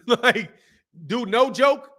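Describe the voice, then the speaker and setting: A man's voice: extremely high pitch, expressive, extremely slow, bright, forceful tone. A man hosting a boxing livestream, chatting casually, laughing often and mimicking other people. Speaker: boxing channel host. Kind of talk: livestream commentary, reading super chats.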